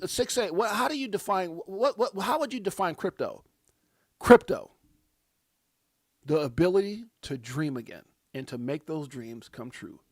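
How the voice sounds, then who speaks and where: A man hosting a casual livestream, hyped and preachy, shouting out viewers by name. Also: high-pitched, lively intonation, normal speed, hardly any pauses. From United States. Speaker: livestream host.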